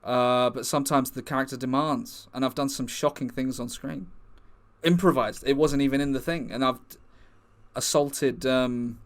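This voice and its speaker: A man's voice: mid-range voice, fairly even intonation, normal speed. A young man hosting an improvised comedy livestream, rambling through mock-earnest bits.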